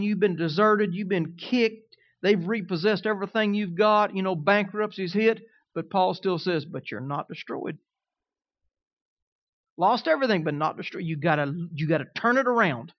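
A man's voice: sits high, no echo, lo-fi sound. Man preaching with rising and falling force. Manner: preaching with swings between loud emphasis and quiet asides. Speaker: pastor. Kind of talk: sermon.

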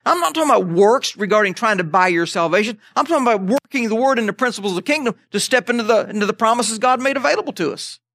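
High-voiced preacher man, dry sound. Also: lively intonation, quick pace, few pauses, fairly bright tone, no room sound. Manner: conversational preaching with call-outs to the congregation. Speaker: pastor. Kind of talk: sermon.

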